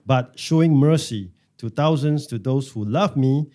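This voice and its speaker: A man reading scripture aloud in a measured, careful way for a Bible class. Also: medium pitch, dark tone.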